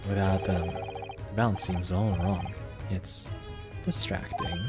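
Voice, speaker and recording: A man reading as a teasing British gentleman detective. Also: low-pitched, fairly even intonation, slow. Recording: game music underneath.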